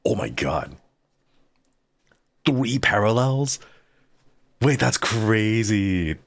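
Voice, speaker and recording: Excitable deep-voiced male game streamer. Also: extremely slow, no echo. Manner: excitable and chatty, talks to chat while reading game lines. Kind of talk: live game stream commentary.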